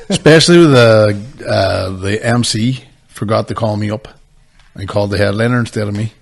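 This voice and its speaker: A man, a podcast co-host, telling animated stories in casual chat and acting out his stage bits. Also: lowish voice, a little slow, gravelly, pauses often, slightly rough.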